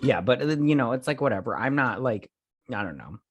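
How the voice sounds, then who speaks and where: A man's voice: mid-range voice, big pitch swings, brisk, slightly rough, dry recording. A man co-hosting a casual, tipsy movie review podcast, rambling and swearing with lots of fillers as he drinks. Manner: rambling, profane, filler-heavy. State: drinking while talking. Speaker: podcast co-host.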